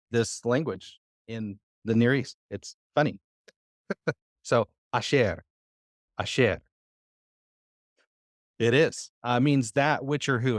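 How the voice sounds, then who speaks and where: Male teacher, mid-pitched, patient, quizzes the room, dry close sound. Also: no room sound. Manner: patient, quizzes the class, many "uh" fillers. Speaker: Bible Hebrew teacher. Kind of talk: live classroom lesson. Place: church class room.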